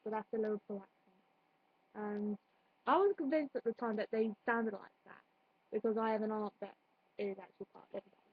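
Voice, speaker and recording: A woman's voice: medium pitch, brisk, long pauses, husky, no room sound. A young woman vlogging a play review in a rambling, chatty way, full of fillers and restarts. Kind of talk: casual chat. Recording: dull, dry home recording.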